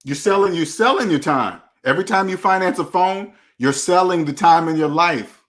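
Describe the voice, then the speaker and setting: Talking casually to camera at a moderate pace, this finance channel host has a high, fairly bright voice. His style is blunt street slang and preachy, with key phrases repeated to drive points home.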